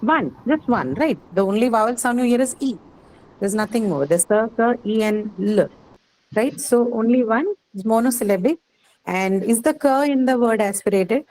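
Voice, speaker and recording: A woman's voice: a little high, expressive, moderate pace, darkish tone, rough recording. Patient Indian woman teaching phonetics. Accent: Indian English. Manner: patient, explanatory, checks understanding with frequent "right?" and "okay". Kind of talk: classroom lecture on phonetics. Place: classroom.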